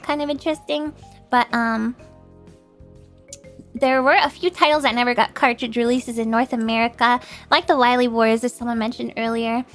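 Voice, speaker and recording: A woman's voice: a little high, a bit bright. A woman streamer chatting casually with her viewers, laughing often and greeting chat, her nose stuffed up.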